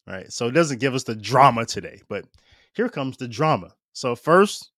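A man's voice: mid-range voice, expressive, normal speed, fairly bright tone, no echo, clean studio sound. A man preaching a casual, conversational homily, often checking in with his listeners and using plenty of fillers. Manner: chatty, keeps asking "right?" with fillers and laughs.

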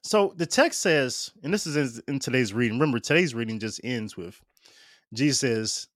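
Animated and at normal speed, a medium-pitched man gives a conversational homily, recorded cleanly in a studio without room sound. He's chatty, frequently checking in with "right?" and scattering fillers and laughs throughout.

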